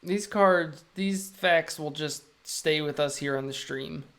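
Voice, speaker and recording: Wry, gravelly-voiced streaming illustrator. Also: mid-range voice, slow, a bit bright. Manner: wry, self-amused, joking often with laughs. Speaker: illustrator live-streaming work. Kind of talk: casual live-stream chat while drawing.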